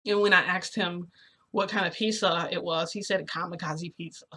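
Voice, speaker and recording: A woman vlogger casually telling her viewers a long personal story, chatty and full of fillers, getting excited as she goes. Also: on the low side, normal speed. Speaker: vlogger recounting a reality shift.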